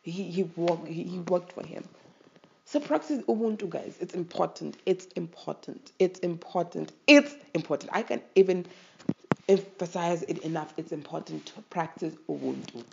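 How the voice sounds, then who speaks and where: A South African host talks straight to listeners in a casual podcast monologue, emotional and pressing. The voice carries heavy vocal fry. The recording sounds dull and lo-fi. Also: medium pitch, moderate pace, dark tone, slight background noise. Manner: emotional and impassioned, urging listeners.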